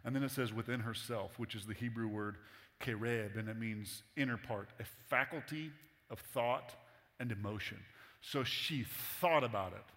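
Man, pastor, casual humorous sermon, mid pitch, long hall echo. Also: moderate pace, a bit bright.

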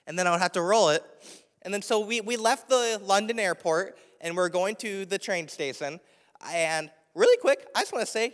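A young man preaching a sermon in a chatty, animated storytelling manner, often laughing as he speaks. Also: high-pitched, long reverb tail. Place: church sanctuary.

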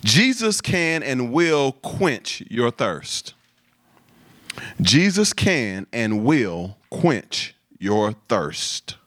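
A man's voice: medium pitch, drawn-out words, no echo. A man preaching a sermon, repeating phrases and calling out to the congregation. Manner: lively preaching with repetition and call-and-response. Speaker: pastor.

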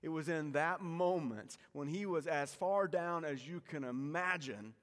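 A man delivering a dramatic sermon, his voice a touch higher than most men's. He swings between loud, pressing emphasis and quiet, hushed phrases, and a long reverb trails through the large hall. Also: a little slow. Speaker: pastor.

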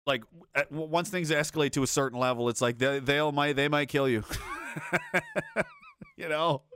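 A man's voice: fairly high pitch, fairly even intonation, normal speed, fairly bright tone, smooth, dry recording, clean studio sound. A man giving casual, rambling commentary as a streamer, swearing freely, chuckling often and restarting his sentences. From North America. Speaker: streamer reading chat.

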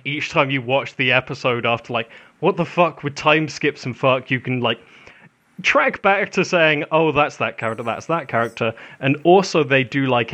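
A man co-hosting a casual anime podcast, relaxed and chatty, laughing often. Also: medium pitch. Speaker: podcast co-host.

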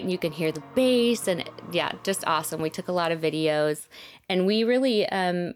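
A young woman telling a personal story in casual conversation, full of fillers and dropping softer when reflective. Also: lowish voice, lively intonation, normal speed, soft background music. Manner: chatty, many fillers like "like", dips to soft reflective tones. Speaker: podcast guest telling her story.

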